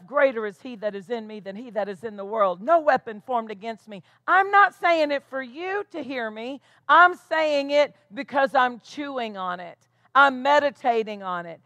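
A woman's voice: high voice, sharp tone, no echo. A woman pastor preaching a sermon, emphatic and calling out rhetorical questions to her congregation.

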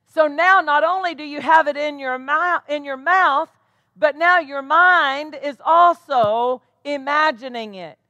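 Woman pastor preaching, high bright voice, lots of questions to the church, dry close sound. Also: measured pace, no echo, dull audio. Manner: emphatic preaching with rhetorical questions to the congregation. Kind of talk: sermon.

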